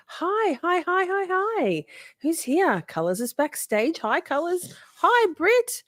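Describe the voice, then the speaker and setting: Woman, livestream host, lively up-and-down voice, chatty, swears casually, dry close sound, at home. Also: very high voice, slow pace, dry recording. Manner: chatty, profane, greets viewers by name. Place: home, with dogs nearby.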